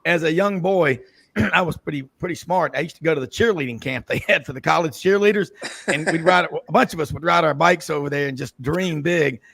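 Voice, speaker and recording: A man with a slightly high, gravelly voice hosts a casual sports radio roundtable. He rambles and jokes, drifting into stories between questions. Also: fairly quick, a bit bright. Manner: rambling, jokey storyteller.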